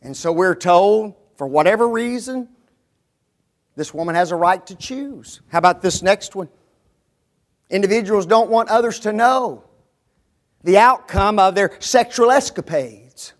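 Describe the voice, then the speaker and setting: A man's voice: high voice, animated, measured pace. A man preaching a sermon, driving his points home with emphatic rhetorical questions.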